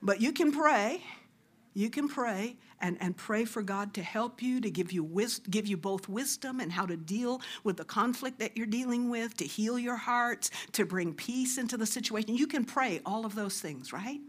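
A middle-aged woman preaching a sermon, earnest and exhorting, sometimes dropping to a hushed near-whisper. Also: on the high side, normal speed, few pauses. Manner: earnest, exhorting, drops to soft hushed asides.

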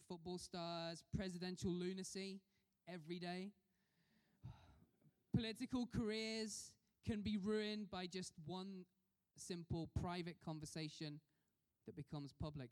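A man's voice: high-pitched, clean tone. Man preaching in a reverberant hall. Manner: conversational, asks the congregation questions. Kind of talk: sermon.

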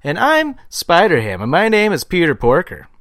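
A man's voice: sits high, wildly swooping pitch, moderate pace, fairly bright tone, no echo, clean studio sound, pitched above the performer's own voice, heavily acted. A man doing an impression of an adult male comedian, with a clipped, overly polite, old-fashioned delivery. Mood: prim.

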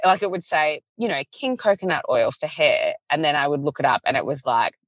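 Telling a story in a low, lively voice, this Australian woman talks a little fast on a dry recording. She's a small business founder guesting on a podcast, keeping things casual, animated, full of acted-out quotes and frequent laughter.

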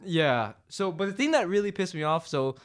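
A man co-hosting a casual podcast, telling stories in an animated, profane way. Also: sits high, moderate pace. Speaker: podcast co-host.

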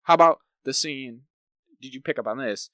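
A man's voice: medium pitch, moderate pace, fairly bright tone, no echo, studio quality. A man co-hosting a podcast, chatting casually about films, rambling with lots of "like" and tag questions. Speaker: podcast co-host. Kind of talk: casual film review chat.

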